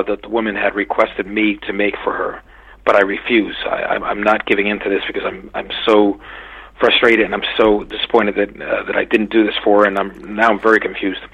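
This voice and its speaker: A man with a low, gravelly voice that has a husky edge. He talks through a dream in a halting way, full of restarts and fillers. The tone is bright and forward. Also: muffled recording. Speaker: caller recounting a dream. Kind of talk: casual spoken recounting.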